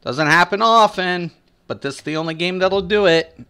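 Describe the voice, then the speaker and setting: A man's voice: high-pitched, normal speed, sharp tone, smooth. A man giving casual, rambling gameplay commentary, swearing and complaining as he plays. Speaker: gaming streamer.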